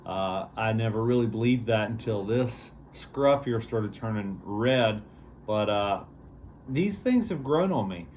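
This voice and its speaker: A man's voice: on the low side, lively intonation, a little slow, a little mellow, a little hiss or hum. A man hosting a casual vlog review, talking in an easygoing, rambling way with lots of fillers. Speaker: beer reviewer, show host.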